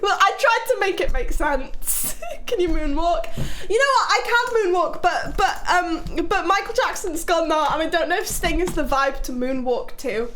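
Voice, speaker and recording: A chatty young woman from Britain talks casually to her live-stream audience, giggling as she goes. Her voice sits high. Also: fairly bright tone, slight background noise. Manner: chatty, giggly, reading chat aloud.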